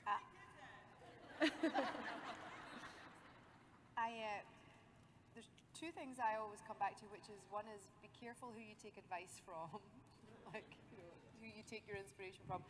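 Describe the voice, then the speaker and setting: A woman's voice: medium pitch, measured pace, pauses often, fairly bright tone. A woman, a guest actress at a convention panel, answering fans in a giggly, teasing way. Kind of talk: convention Q&A chat. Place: convention center panel stage. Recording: noisy convention hall mic.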